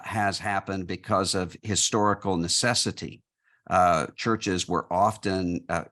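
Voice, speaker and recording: A man giving measured, thoughtful answers in an interview, with frequent fillers and restarts. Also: low voice, a bit bright. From United States. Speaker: guest.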